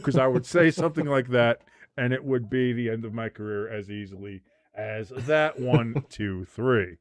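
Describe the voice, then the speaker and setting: A man's voice: medium pitch, normal speed, no echo. A man in his forties hosting a live sports watch-along, crude and rambling, laughing at his own jokes. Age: 40s.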